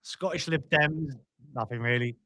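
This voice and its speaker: A young British man ranting through a live stream, his voice bright, forceful and a little high. He swears freely and stumbles over restarts as his thoughts run on. The sound is dry and close. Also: moderate pace, no echo, rough recording. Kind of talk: casual political commentary.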